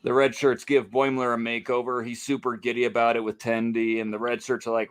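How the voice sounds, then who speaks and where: Man recapping in a flat monotone. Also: medium pitch, fairly quick, hardly any pauses, slight background noise. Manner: monotone delivery. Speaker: podcast host giving an episode recap. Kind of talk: casual recap on a podcast.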